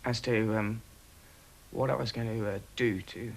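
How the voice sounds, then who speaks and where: A man with a low, gravelly voice remembering events for a documentary interview. He speaks haltingly and stops often to search for words. A faint hiss runs under the recording. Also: steady tone, low-quality recording. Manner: halting, full of pauses and fillers. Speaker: former RAF aircrew interviewee.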